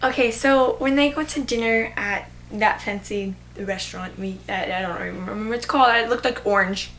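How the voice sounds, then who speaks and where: Bright-voiced young woman gushing about a film. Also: mid-range voice, normal speed, slight background noise. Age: young adult. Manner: gushing, heavy "like" fillers. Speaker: vlogger. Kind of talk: casual movie review.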